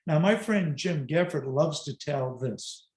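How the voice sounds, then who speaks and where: A man's voice: a little high, animated, measured pace, a little mellow. A man giving an online presentation as a speaker coach, talking conversationally with emphatic, self-deprecating asides, recorded at home on a video call. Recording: roomy echoey room.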